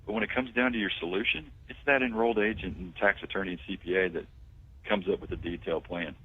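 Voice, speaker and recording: Man calling into a radio show, deep husky voice, tinny phone line, confident pitch. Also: fairly even intonation, quick pace. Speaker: guest tax firm owner.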